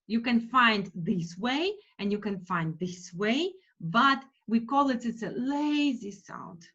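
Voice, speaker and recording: An English phonics teacher leads an online class over video call, speaking slowly and carefully and repeating words for drilling. She is lively, with a fairly high, breathy voice, and the call audio is dull and lo-fi.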